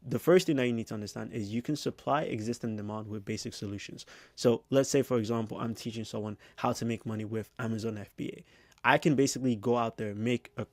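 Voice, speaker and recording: Man, business coach, rapid casual delivery, lots of fillers, dry recording. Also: mid-range voice, no echo. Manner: fast, casual, heavy use of filler phrases. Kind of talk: direct-to-camera business teaching.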